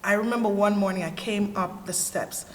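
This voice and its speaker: A woman's voice: medium pitch, normal speed. A woman with a Jamaican accent giving a candid, earnest personal testimony as a panelist. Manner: earnest storyteller, candid and animated. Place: church hall. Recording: echoey hall with faint ambience.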